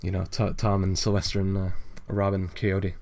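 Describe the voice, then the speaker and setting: Young guy rambling on a podcast, kinda low voice, lots of ums and laughs. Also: monotone, moderate pace, gravelly, a little mellow. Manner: rambling with frequent fillers and laughs. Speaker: podcast co-host. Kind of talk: casual chat reading a fan comic aloud.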